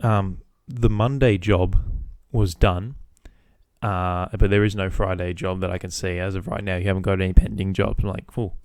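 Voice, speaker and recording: A man's voice: sits low, steady tone, moderate pace, darkish tone, no room sound, clean studio sound. A man hosting a podcast, telling a casual story about his workday with swearing, acting out both sides of phone calls. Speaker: podcast host.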